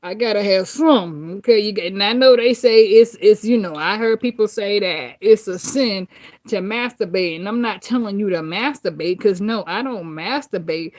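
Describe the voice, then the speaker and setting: A woman's voice: medium pitch, darkish tone. A woman tarot reader chatting casually with viewers, brash and profane, laughing often.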